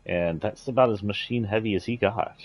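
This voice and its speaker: A man's voice: fairly low pitch, a little fast, slightly rough. A man streaming a video game, chatting casually in an offhand, rambling way and swearing now and then. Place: indoors, playing a video game.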